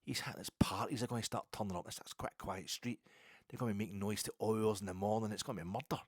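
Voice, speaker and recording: A Scottish man talking in a rambling, sweary casual monologue as a football podcaster, with loud bursts. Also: on the low side, steady tone, fast, husky, dry recording, studio quality.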